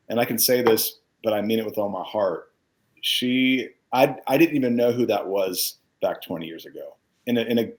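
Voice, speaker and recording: Middle-aged man, low voice, sincere and emotional interview guest. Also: low-quality recording. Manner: heartfelt, earnest, gets choked up. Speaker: guest musician. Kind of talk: casual interview chat.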